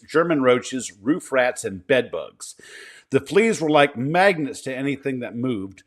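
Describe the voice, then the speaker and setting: Plainspoken man reading listener stories. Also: medium pitch. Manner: plainspoken, profane storyteller. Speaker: podcast co-host. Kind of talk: casual podcast chat, reading listener stories.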